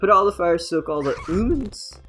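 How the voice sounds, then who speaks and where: A young adult woman streamer giving casual live game commentary, chatty and excitable and swearing freely. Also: on the low side, normal speed, soft background music, rough recording.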